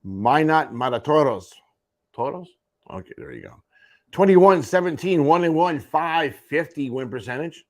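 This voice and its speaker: A man hosting a morning sports program goes through junior hockey standings with dry, casual asides in a sports radio rundown. He speaks at a moderate pace, his voice on the high side and very animated.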